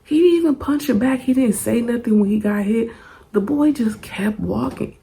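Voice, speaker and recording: A young woman telling a story in a casual storytime vlog, animated and profane, laughing often. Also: fairly high pitch, normal speed, creaky, slight background noise.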